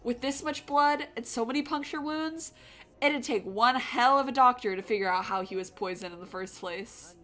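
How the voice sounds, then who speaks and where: A woman voicing a cocky, callous male detective from a mystery game. He drawls in an exaggerated valley-girl manner, pitched a little high and full of swagger. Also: moderate pace, a bit bright, soft background music, close to an everyday voice. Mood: brushing off.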